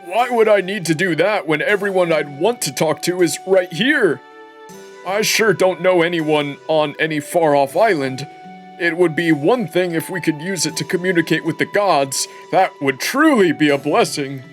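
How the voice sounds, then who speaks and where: A man voicing a friendly, talkative old village man from game dialogue, in a drawn-out, folksy way. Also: fairly high pitch, soft background music, lightly acted. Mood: chatty. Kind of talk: game dialogue read aloud by a streamer.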